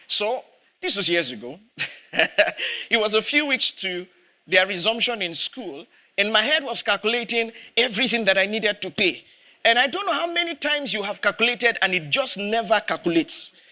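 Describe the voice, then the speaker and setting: A pastor preaches in a high, sharply bright voice. He tells a story with laughter and acts out the dialogue himself. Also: expressive, moderate pace. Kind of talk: sermon.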